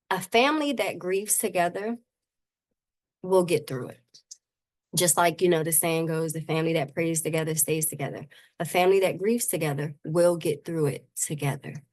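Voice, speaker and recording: A middle-aged woman, a grief coach, talking earnestly about faith and loss in an interview, with many "you know"s. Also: lowish voice. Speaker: grief coach and suicide prevention advocate, guest. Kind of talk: heartfelt conversational interview.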